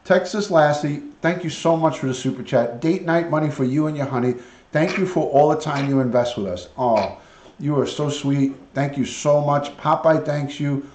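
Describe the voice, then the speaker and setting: A man's voice: a little high, normal speed, darkish tone, echoey room. A man hosting a casual live stream, chatting with viewers and coaxing his parrot to talk.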